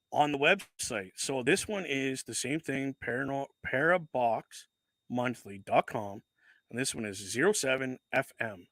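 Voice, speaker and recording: A man's voice: mid-range voice, fairly bright tone, no room sound. A man hosting a casual livestream, chatting as he unboxes, rambling, correcting himself and swearing casually into a desk microphone. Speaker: livestream host.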